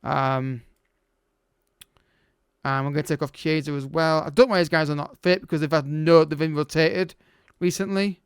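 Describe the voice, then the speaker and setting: A man's voice: on the high side, fairly even intonation, moderate pace, pauses often, smooth, no echo, clean studio sound. A man commentating his own game as a let's play host, exasperated and urgent, calling out to the players.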